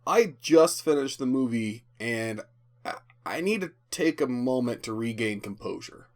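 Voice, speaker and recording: A man's voice: medium pitch, lively intonation, measured pace, a little hiss or hum. A man giving a rambling, profane spoken movie review, often stammering and restarting. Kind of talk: casual spoken film review.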